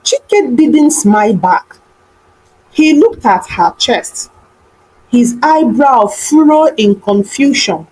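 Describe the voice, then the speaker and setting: Female narrator for an animated folktale, slow delivery, fairly high voice. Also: low-quality recording. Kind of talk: storybook narration.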